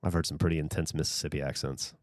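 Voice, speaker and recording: A man's voice: extremely low pitch, steady tone, fast talker, no room sound, studio quality. A man from the American South with no regional accent left, hosting a livestream and chatting casually, rambling and swearing freely as he answers viewer comments. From Southern United States. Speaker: livestream host.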